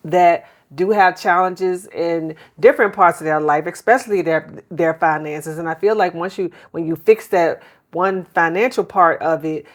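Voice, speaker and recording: Middle aged woman host, low-ish voice, earnest casual talk, trips over her words a bit. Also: moderate pace. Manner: earnest, repeats words when starting. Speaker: podcast host. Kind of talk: casual chat.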